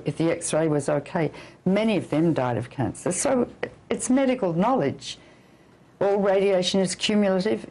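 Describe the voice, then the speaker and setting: A woman's voice: on the low side, a little mellow, low-quality recording. An older woman physician giving an interview, talking emphatically and issuing blunt warnings. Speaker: physician and anti-nuclear campaigner. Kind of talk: interview guest.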